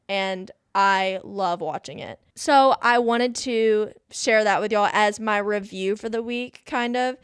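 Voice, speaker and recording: A woman's voice: medium pitch, clean tone, no room sound, studio quality. A young woman hosting a casual solo podcast, bubbly and gushing, peppering her talk with "y'all" and "like.". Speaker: podcast host.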